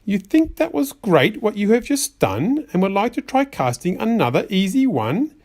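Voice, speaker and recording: A man puts on an exaggerated voice for a fussy, exasperated white rabbit in a rhyming storybook. Speaking at normal speed, he scolds sing-song style, his slightly high pitch swooping up and down.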